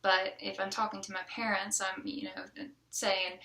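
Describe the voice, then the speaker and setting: A woman's voice: mid-range voice, steady tone, moderate pace, vocal fry, sharp tone, echoey room, far from the mic. A woman from the Southern United States with a light Southern accent, giving a chatty, casual self-introduction as a college student, with frequent ums and restarts.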